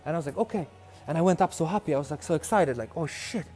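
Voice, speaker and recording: A young man from Poland speaks English with a Polish accent. His voice sits a little high, and he tells his story in animated bursts, acting out the other people in it and restarting his sentences. Faint music plays underneath. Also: very fast. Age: young adult. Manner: animated, acts out dialogue, frequent restarts. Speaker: documentary subject. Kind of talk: casual interview storytelling.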